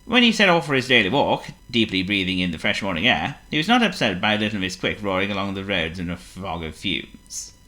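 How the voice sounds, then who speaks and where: Animated man reading a storybook. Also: on the low side, fairly quick, hardly any pauses. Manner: animated, theatrical read-aloud. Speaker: narrator.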